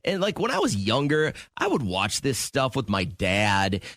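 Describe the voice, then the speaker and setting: A man's voice: mid-range voice, wildly swooping pitch, measured pace, fairly bright tone, dry recording. Rambling, self-mocking radio host, a man. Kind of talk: casual morning radio chat. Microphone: studio microphone.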